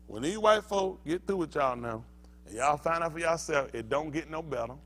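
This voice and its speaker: A man's voice: a little high, lively intonation, normal speed, a bit bright. An older male pastor giving a fiery sermon, heated and emphatic, firing rhetorical questions at the congregation.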